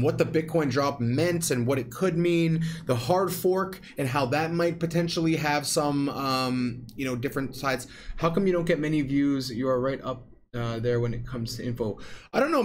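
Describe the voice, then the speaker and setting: A man's voice: on the high side, a little hiss or hum. A man hosting a casual livestream, chatting loosely with many fillers and reading out viewer comments. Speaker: crypto livestream host.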